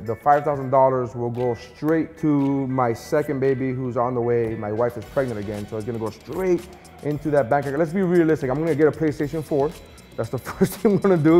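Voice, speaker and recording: A man from Nicaragua chats to the camera in a rapid, joking, offhand manner, his pitch sitting mid-range. Faint music plays underneath. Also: mellow, long reverb tail. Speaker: comedian contestant. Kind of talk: casual interview confessional.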